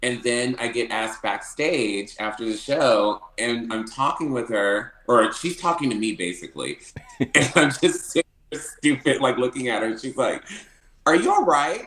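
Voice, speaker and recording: A man telling stories as a podcast guest, animated, often laughing and acting out what people said. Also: medium pitch, normal speed, echoey room, low-quality recording. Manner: animated, laughing often, acts out quoted lines. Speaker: podcast guest, drag performer. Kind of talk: casual storytelling interview.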